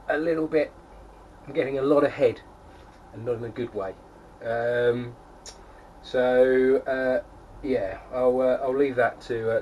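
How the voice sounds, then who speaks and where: A young male homebrewing vlogger talks to camera at home next to his keg setup, his medium-pitched voice sounding like the highs are cut off. He rambles casually with lots of fillers and restarts, recorded on a distant mic with faint background noise.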